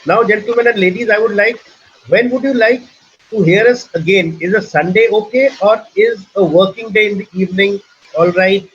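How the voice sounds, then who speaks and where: High-voiced husky man. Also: moderate pace, fairly bright tone. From India. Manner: assertive, persuasive. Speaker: webinar host and organizer. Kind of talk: online webinar Q&A. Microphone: video call. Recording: muffled lo-fi call audio.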